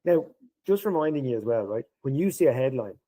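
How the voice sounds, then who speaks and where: A man's voice: medium pitch, brisk, poor audio. A middle-aged Irish man, a podcast guest, telling an anecdote and acting out the lines of the people in it. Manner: animated storyteller acting out quoted dialogue. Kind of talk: anecdotal interview storytelling.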